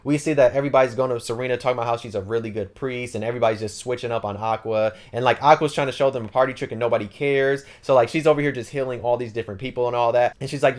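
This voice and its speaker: Quick, slangy male anime recapper who rambles and fills with "like". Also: mid-range voice, steady tone. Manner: rambling, slangy, lots of fillers. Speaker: anime channel host. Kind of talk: casual anime plot recap.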